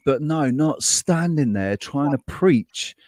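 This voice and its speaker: A man hosting a casual chat, relaxed and quick to laugh. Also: a little high, no room sound, clean studio sound. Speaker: host.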